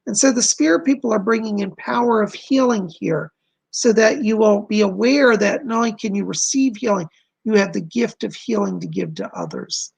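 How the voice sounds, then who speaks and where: Gravelly, husky-voiced man giving psychic readings. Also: high voice, sing-song, normal speed. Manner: gentle, reassuring, chatty with viewers. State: losing his voice. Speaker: psychic doing live readings. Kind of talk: live stream reading viewer questions.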